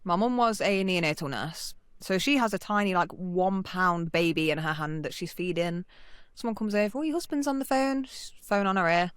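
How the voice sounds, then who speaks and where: Brief: woman, podcast co-host, lively storytelling, close dry mic. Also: on the low side, moderate pace, few pauses, smooth, dry recording. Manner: animated, swears freely, acts out quoted voices. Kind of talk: casual storytelling chat.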